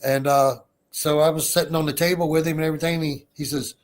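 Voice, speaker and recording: A man's voice: a little high, fast. A male podcast guest on a video call, telling a story in casual chat, swearing freely and acting out the dialogue. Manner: profane, animated storyteller who acts out dialogue.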